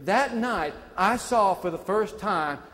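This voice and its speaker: A man's voice: high voice, takes it slowly. A man in his forties from Chicago, whose first language is not English, giving a live motivational speech with energy and quizzing his listeners as he talks. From Chicago, USA. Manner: energetic, quizzing the room, call-and-response. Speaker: motivational speaker. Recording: echoey hall with long reverb.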